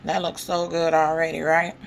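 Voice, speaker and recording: A woman with a gravelly, slightly low voice walks viewers through a home-cooked meal. She chats casually and keeps checking in with her audience. Faint kitchen noise sits behind her. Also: monotone, normal speed, low-quality recording. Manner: chatty, addresses viewers, frequent "okay?" check-ins. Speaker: cooking vlogger. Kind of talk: casual cooking demonstration.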